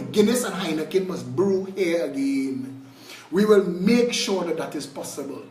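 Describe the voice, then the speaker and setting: A fiery Trinidadian man delivers a political speech in a high-pitched voice, swinging from shouts down to low mutters. He sounds set back from the mic in a roomy, echoey space. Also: animated, measured pace, far from the mic. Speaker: political party leader. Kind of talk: impassioned live video address.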